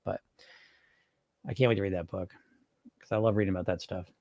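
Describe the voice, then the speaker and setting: A man's voice: deep voice, fairly quick, vocal fry, no echo. A man hosting a podcast as a weight loss coach, talking bluntly and with swearing, acting out voices in his head. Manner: blunt, animated, swears freely, acts out inner voices. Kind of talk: casual podcast monologue.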